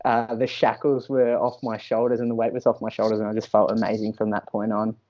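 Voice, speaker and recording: A man's voice: fairly low pitch, completely flat delivery, brisk, dark tone, dull audio. A man, a fitness professional, speaking as a podcast guest and sharing a personal story candidly, often restarting and repeating words.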